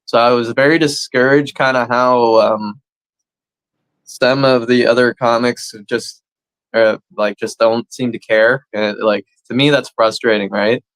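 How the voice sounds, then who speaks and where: A man's voice: mid-range voice, steady tone, unhurried, fairly bright tone, no room sound, rough recording. Man, Canadian, blunt, swears a lot, casual podcast chat, dry close sound. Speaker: comedy podcast co-host.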